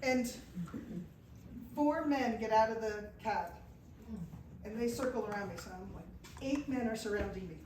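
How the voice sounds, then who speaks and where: A woman's voice: on the high side, moderate pace, long pauses. A woman telling a travel story to a live audience, acting out the dialogue with lots of animation. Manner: animated, acts out quoted dialogue. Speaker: guest speaker telling travel stories. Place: event room with a small audience. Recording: roomy, distant mic, faint noise.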